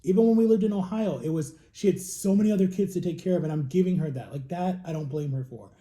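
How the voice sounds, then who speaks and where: A man's voice: sits high, fast talker, mellow. A man in his thirties talking openly and emotionally in a personal vlog, with emphatic repetitions. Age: 30s. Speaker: vlogger.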